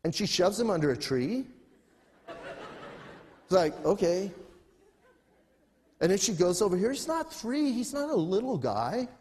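A middle-aged male pastor preaching a sermon in an animated, conversational way with humor. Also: high-pitched, brisk, few pauses, long reverb tail.

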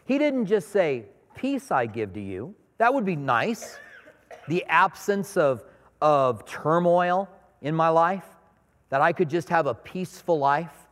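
Slow and expressive, a middle-aged pastor with a fairly high voice delivers a storytelling, conversational sermon in a church sanctuary, dramatizing small scenes in his anecdotes. A large hall's long reverb trails his words.

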